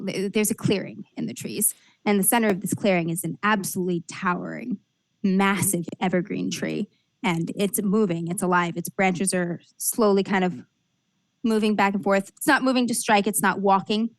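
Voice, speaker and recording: A woman's voice: medium pitch, dry recording. A woman game master narrates a tabletop adventure scene by scene. Her delivery is descriptive and casual, with frequent fillers and restarts. The sound is dry and close, with no room around it.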